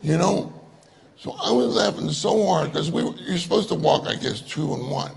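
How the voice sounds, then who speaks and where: A man's voice: fairly high pitch, moderate pace, vocal fry. A middle-aged man preaching a sermon, telling stories in a jovial way and laughing often. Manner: storytelling, jovial with frequent laughter.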